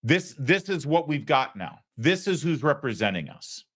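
A man's voice: on the high side, sing-song, normal speed, fairly bright tone. A man hosting a political commentary show, talking in a sarcastic, indignant way. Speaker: host.

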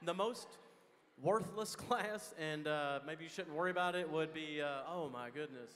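A man's voice: fairly high pitch, normal speed, a bit bright. A man with a Texan accent answers student questions in a casual, joking, folksy way during a school chapel. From Texas. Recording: reverberant chapel hall.

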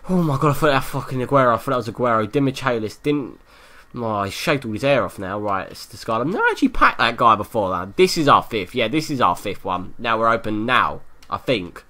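Gamer guy, bright voice with big pitch swings, excitable and foul-mouthed while commentating his own play. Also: brisk. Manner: excitable, swears a lot, yells at the game. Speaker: gaming YouTuber. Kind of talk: live gameplay commentary.

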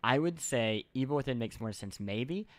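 A man's voice: mid-range voice, animated, moderate pace, no room sound. A man casually chatting and joking while playing a video game, sometimes reading game lines aloud. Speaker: game show host. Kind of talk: casual gameplay chat.

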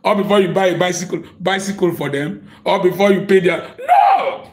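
A middle-aged man preaching a sermon, impassioned and full of rhetorical questions, sometimes breaking into shouts. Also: high voice, fairly even intonation, a little fast. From Africa.

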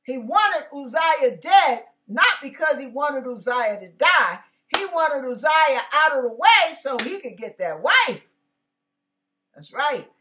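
A woman's voice: high-pitched, very animated, slow pace, noisy background. A woman pastor giving a casual, conversational sermon, acting out biblical characters and dropping slangy asides.

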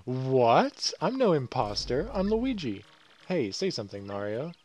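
A man's voice: a little high, sing-song, slow pace, darkish tone, pitched above the performer's own voice, full character voice. A man voicing an indignant grown man who accuses an imposter in an affronted tone. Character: indignant adult man, the hero's brother.

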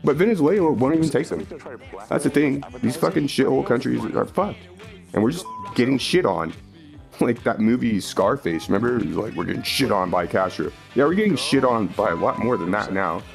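A man's voice: medium pitch, expressive, a little fast, creaky, soft background music. A man from the northern United States ranting angrily into a phone, swearing heavily and laughing between lines. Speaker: vlogger. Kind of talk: angry profane rant.

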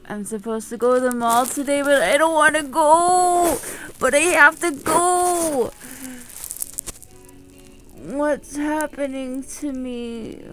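A young woman chatting casually to her vlog camera, rambling and giggly with lots of filler words. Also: fairly high pitch. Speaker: vlogger.

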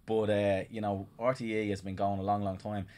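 Fast-talking earnest Irish man. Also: fairly low pitch, little pitch movement, warm tone. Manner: earnest, rapid, argumentative with restarts. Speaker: guest author. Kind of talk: casual discussion.

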